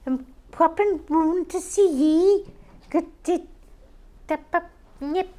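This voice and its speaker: A woman doing a high, fussing impression of a sympathetic lady friend, clucking and halting like a chicken. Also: mellow.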